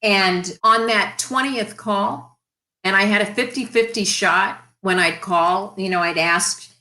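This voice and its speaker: A woman telling stories as an interview guest, animated and lively in her telling. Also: medium pitch, unhurried. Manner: animated storyteller. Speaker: guest, radio industry executive. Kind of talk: casual interview storytelling. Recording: roomy echo.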